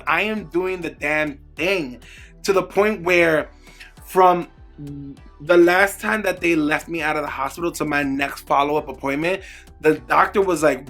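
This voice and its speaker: A man's voice: on the high side, a bit bright. A man in a candid personal vlog, talking emphatically and with lots of swearing, repeating words for emphasis as he urges viewers on. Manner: emphatic, profane, motivational. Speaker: beauty vlogger. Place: indoors at home.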